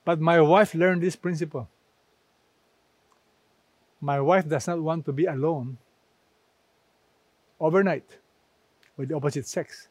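A man preaching a sermon, slow and emphatic, repeating key phrases and quoting scripture. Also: a little high, steady tone, no echo.

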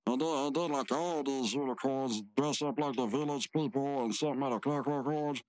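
A man's voice: mid-range voice, fairly quick, darkish tone. Rambling man co-hosting a cartoon recap. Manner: rambling, repetitive, lots of fillers. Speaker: podcast co-host. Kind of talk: casual chat recapping a cartoon.

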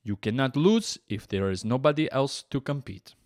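Comic doing a grim foreign brute athlete, flat and soft, broken English, podcast bit. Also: male voice, medium pitch, moderate pace, no room sound, studio quality, lightly acted. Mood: deadpan. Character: blunt Kazakh swimmer-wrestler, grimly single-minded.

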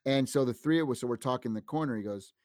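Dry-voiced man telling lively anecdotes. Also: medium pitch, very fast, no echo. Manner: animated anecdotes, acts out quoted dialogue. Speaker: guest sound designer. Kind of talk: casual interview storytelling.

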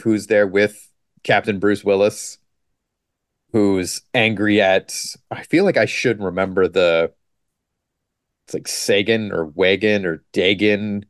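Low-voiced guy recapping a movie on a podcast, sarcastic jokes, dry close sound. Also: dry recording. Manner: joking, sarcastic, quotes scenes in quick put-on lines. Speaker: podcast co-host. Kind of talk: casual movie recap chat.

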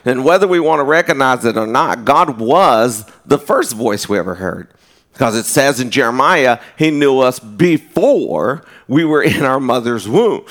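A man's voice: medium pitch, fairly bright tone. A man preaching a sermon earnestly, often restarting his phrases. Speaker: pastor.

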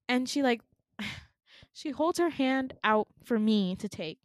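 A woman podcast co-host casually retelling a dream, animated, laughing often and full of fillers. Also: on the high side, takes it slowly, no room sound, clean studio sound.

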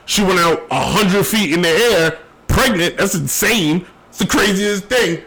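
This man's voice sits high, animated, pushed and bright, at a measured pace, on a low-quality recording. As host of his own sports show, he offers opinionated, rambling solo commentary and keeps repeating his main phrases. He's tired and his voice is fading after a long day.

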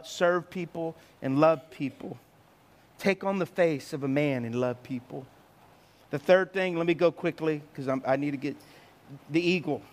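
A middle-aged man preaching a sermon, telling stories with sound effects and acted asides. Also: a little high. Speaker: pastor.

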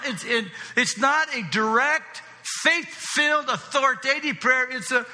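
Male pastor with a high, very bright voice, delivering an animated, chatty sermon in a large reverberant hall. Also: measured pace. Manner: animated, conversational, often asks the audience "right?". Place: church hall with a congregation.

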